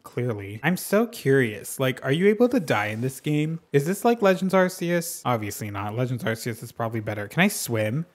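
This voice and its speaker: A man hosting a let's play, reacting to the game in a sassy, excitable way and swearing freely into a desk microphone. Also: fairly high pitch, moderate pace, hardly any pauses. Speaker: gaming channel host.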